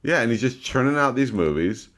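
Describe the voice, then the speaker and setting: A man's voice: mid-range voice, animated, a little fast, fairly bright tone. A man co-hosting a casual movie podcast, tossing in dry wisecracks. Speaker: podcast co-host.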